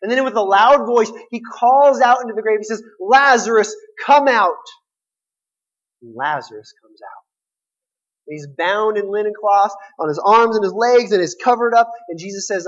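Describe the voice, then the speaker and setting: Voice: mid-range voice, muffled recording. A preacher giving a sermon, retelling a scripture story in an emphatic, conversational way.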